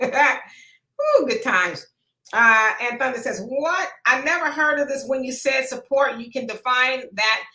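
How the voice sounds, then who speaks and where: A woman with a bright, high-set voice hosts a relaxed live chat. She reads comments aloud in a folksy manner and laughs easily. Her voice rings in an echoey room. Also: a little slow. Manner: laid-back, folksy, laughs often. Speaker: host reading viewer comments. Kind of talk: casual live-stream chat.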